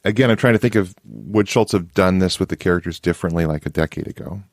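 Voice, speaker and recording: A man with a notably deep voice co-hosts a casual podcast chat. He talks with eager enthusiasm and keeps restarting his sentences. The sound is dry and close to the mic. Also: fast talker, creaky, no echo. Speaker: podcast co-host.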